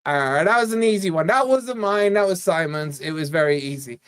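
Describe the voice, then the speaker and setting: A man hosting a football fan channel's live watch-along, bantering casually with his chat and breaking into quick play-by-play commentary. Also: high voice, a bit bright, clear, resonant tone, no echo, clean studio sound. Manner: chatty, teasing, jumps between quiz talk and play-by-play.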